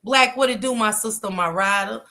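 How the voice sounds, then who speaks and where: A woman's voice: medium pitch, moderate pace, bright, forceful tone. A woman hosting a casual livestream, chatting and greeting viewers by name in a slangy, chatty manner. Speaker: livestream host.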